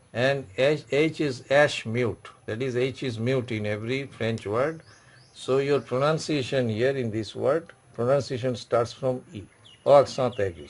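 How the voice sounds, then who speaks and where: A man runs an online French class. He explains step by step, repeating each point. His voice sits mid-range. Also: mid-range voice. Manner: slow, repetitive explaining with frequent "okay" check-ins. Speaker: French teacher. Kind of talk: online language lesson.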